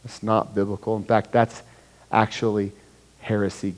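A man's voice: lowish voice, flat delivery, moderate pace. A male pastor preaching a sermon, explaining scripture verse by verse and acting out the quoted dialogue. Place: church sanctuary. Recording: long hall reverb.

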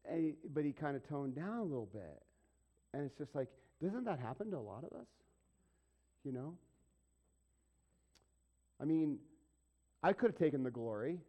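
A man's voice: on the high side, sing-song, moderate pace, long pauses, dull audio. A middle-aged man preaching a sermon in a conversational way, asking the congregation questions and acting out little asides. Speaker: pastor.

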